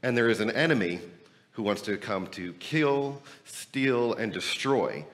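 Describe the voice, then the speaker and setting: Male pastor, hoarse and losing his voice, fired up sermon, mid pitch. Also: unhurried. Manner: energetic, emphatic, rhetorical questions. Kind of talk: sermon and church announcements. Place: church building, temporary meeting room.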